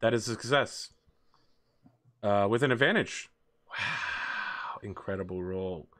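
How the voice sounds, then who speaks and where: Relaxed male game master, dry close sound. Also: lowish voice, slow, no echo. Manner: relaxed, joking, explaining rules. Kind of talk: narrating a tabletop game.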